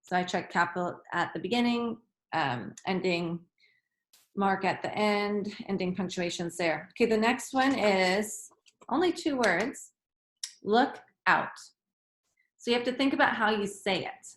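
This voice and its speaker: In a room with noticeable echo, a woman with a mid-range voice teaches children a grammar lesson at a slightly slow pace. She is expressive, acting out each sentence in a different tone of voice.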